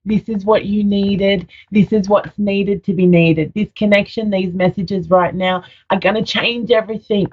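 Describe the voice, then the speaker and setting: A woman's voice: mid-range voice, steady tone, normal speed, few pauses, phone-quality sound. A woman psychic medium giving a live radio reading in a soothing, affectionate way, often calling the caller sweetheart.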